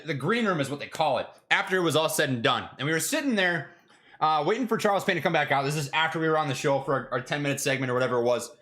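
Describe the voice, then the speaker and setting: A young man chatting casually on his stock trading livestream, excitable, jokey and full of slang. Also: fairly high pitch.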